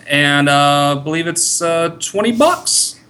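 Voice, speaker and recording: A man who is a comedian guest on a podcast, joking in a deadpan, self-mocking way. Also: a little high, takes it slowly, clear, resonant tone. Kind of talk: casual comedy podcast chat.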